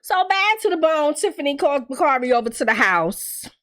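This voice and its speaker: A woman's voice: sits high, normal speed. Blunt, profane woman ranting a TV recap. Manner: blunt, profane, animated storytelling with quoted dialogue. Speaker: TV recap host. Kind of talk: casual TV recap rant.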